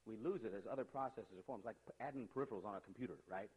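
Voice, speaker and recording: A man giving a lively talk to a young audience, chummy and animated, speaking straight to them with quick asides. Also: lowish voice, breathy edge, big-room sound, low-quality recording.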